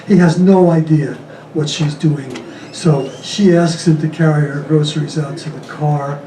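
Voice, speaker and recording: A man doing stand-up comedy, rattling off deadpan jokes and chuckling at his own punchlines on a comedy club stage. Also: fairly high pitch, a little slow. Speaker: stand-up comic. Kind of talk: stand-up joke telling. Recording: echoey club, distant mic, faint room noise.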